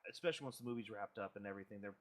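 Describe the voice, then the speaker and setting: A young man hosting a podcast in laid-back casual chat, often saying "dude" and breaking into loud laughing exclamations. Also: on the low side, very fast. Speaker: podcast host.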